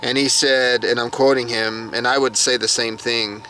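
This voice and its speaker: Guy going over a show from his notes, bright forceful voice, faint hiss behind. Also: mid-range voice, steady tone, normal speed. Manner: chatty, reads from notes, reacts aloud. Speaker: YouTube episode recapper. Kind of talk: casual recap monologue.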